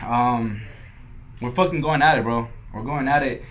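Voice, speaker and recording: A man's voice: mid-range voice, measured pace, pushed and bright. A young man from Los Angeles, a podcast guest who tells his story casually, swearing often and acting out what others said. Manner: laid-back, swears a lot, quotes others in dialogue.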